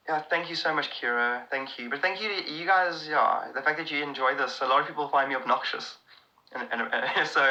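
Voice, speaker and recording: A South African man with a piercingly bright, sharp voice, chatting on a live stream and answering viewers one after another. He rambles excitably and restarts his sentences often. The sound is dull and lo-fi. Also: on the high side, fairly quick. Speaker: comedian. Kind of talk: casual live-stream chat answering comments.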